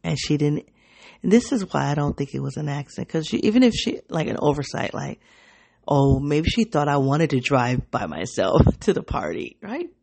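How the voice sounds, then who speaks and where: A woman hosting her own podcast, speaking in an introspective, halting, emotionally raw personal reflection. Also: low voice, sing-song, vocal fry, darkish tone, dry recording. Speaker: podcast host.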